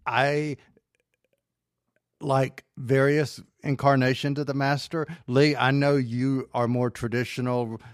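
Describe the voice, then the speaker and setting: Slow-talking man hosting a podcast. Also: mid-range voice, flat delivery, no room sound, studio quality. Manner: unhurried, steers the talk with questions. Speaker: podcast host. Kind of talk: casual chat.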